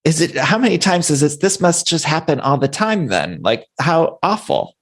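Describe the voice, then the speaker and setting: A man's voice: on the high side, big pitch swings, moderate pace. A man hosting an interview podcast, chatty and enthusiastic, running through a guest's credits with questions. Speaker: podcast host. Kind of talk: casual interview chat.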